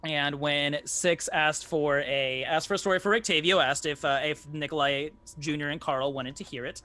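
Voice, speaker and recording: Rambling man with bright voice. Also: on the high side, fairly even intonation, moderate pace. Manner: rambling, lots of restarts and "like". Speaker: tabletop game player. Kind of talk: casual chat about a game session.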